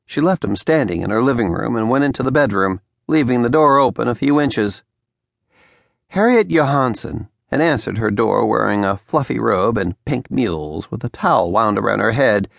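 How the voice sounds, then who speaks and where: A man narrating an audiobook in a studio, with smooth storytelling and lively dialogue. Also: mid-range voice, normal speed, dry recording. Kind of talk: scripted narration. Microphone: close studio mic.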